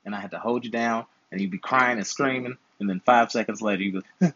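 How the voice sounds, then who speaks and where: A man's voice: on the low side, quick pace, a bit bright, no echo, lo-fi sound. A man in his twenties, an uncle hosting a channel, chatting casually and playfully with slangy, teasing advice. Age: 20s. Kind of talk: casual chat while gaming.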